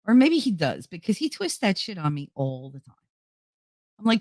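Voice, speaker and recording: A woman's voice: mid-range voice, very animated, normal speed, pauses often, darkish tone, no room sound. A middle-aged woman hosting her own channel, chatting casually to viewers in a rambling, joking way and laughing often. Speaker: YouTube channel host.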